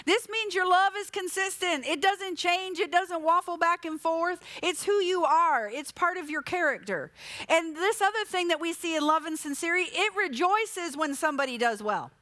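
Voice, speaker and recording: A high-pitched, middle-aged woman delivers a church sermon in a chatty, storytelling way. She keeps asking the congregation questions, and her voice sounds close and dry, with no room echo. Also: expressive, moderate pace, sharp tone. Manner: conversational, with rhetorical questions and personal stories. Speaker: pastor. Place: church sanctuary.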